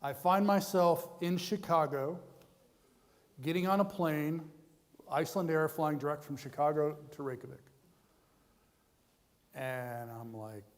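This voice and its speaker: A man telling a personal testimony to students in a conversational, self-deprecating way, in a large chapel hall. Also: on the high side. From United States. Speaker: guest speaker. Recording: long hall reverb.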